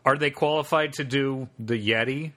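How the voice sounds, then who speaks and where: A man co-hosting a casual podcast, reading a course listing aloud with amused, deadpan asides. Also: medium pitch, normal speed. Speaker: podcast co-host.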